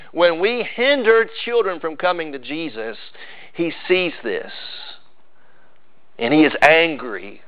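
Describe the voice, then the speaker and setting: Man preaching a sermon, animated and emphatic. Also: a little high, clear, resonant tone, dull audio. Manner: animated, acts out quoted voices, rises to loud emphasis. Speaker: pastor.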